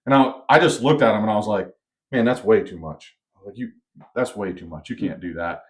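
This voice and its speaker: Animated man telling a story. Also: on the low side, a little fast. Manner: animated storyteller, acts out quoted voices. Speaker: podcast co-host. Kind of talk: casual storytelling.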